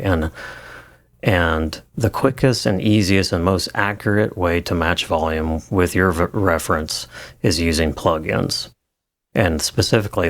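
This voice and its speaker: A man with a low voice explains audio editing in a relaxed tutorial, with many fillers and restarts. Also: no room sound. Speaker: audio engineer teaching. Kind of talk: screen-recorded tutorial.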